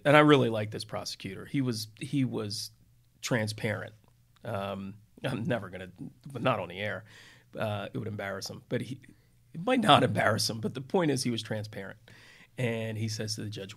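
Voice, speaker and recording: Fairly low-pitched and slightly rough with vocal fry, this man speaks at a normal speed as he co-hosts a podcast. A defense attorney, he spins casual stories that meander through restarts and side comments.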